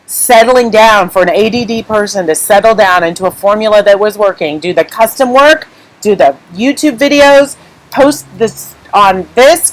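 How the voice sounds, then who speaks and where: A woman's voice: mid-range voice, low-quality recording. A woman hosting a live craft stream, talking candidly and emotionally to viewers in a rambling, unscripted way while holding back tears. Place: at home.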